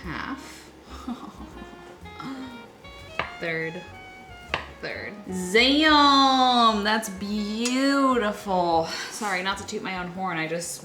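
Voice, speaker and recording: A young woman vlogger chatting casually and upbeat while baking in her home kitchen. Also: medium pitch. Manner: chatty, upbeat, self-deprecating.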